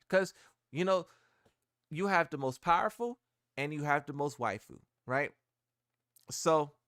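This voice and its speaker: A man's voice: fairly high pitch, a bit bright, dry recording, clean studio sound. A man streaming live and reacting casually to gaming posts, rambling, repeating himself and using slang.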